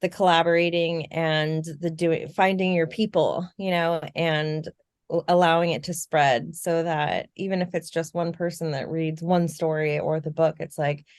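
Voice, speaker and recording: A woman's voice: deep voice, steady tone, moderate pace, smooth, dry recording. A woman guest author talking in an earnest, flowing way, often adding "you know". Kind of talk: casual podcast chat.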